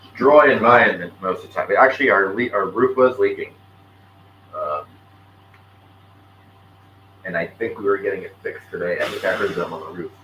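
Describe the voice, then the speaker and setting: Deep-voiced man rambling in an echoey room. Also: moderate pace, pauses often, pushed and bright. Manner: rambling, counting under his breath, trailing off. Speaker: vlogger crafting on camera. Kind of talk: casual chat while crafting. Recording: echoey room with clear background noise.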